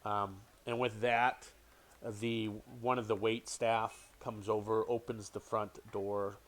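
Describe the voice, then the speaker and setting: A man narrating a tabletop game as game master, halting often with ums and restarts. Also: fairly low pitch, level tone.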